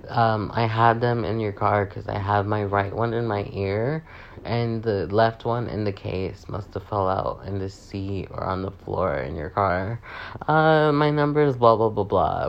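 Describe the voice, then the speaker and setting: A young man with a sore voice, chatty and sassy, swearing freely as he rants in a casual vlog. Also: lowish voice. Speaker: vlogger.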